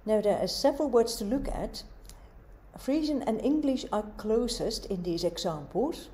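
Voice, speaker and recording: A woman giving a university lecture, explaining in a measured way and asking rhetorical questions. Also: fairly high pitch, lively intonation, dark tone.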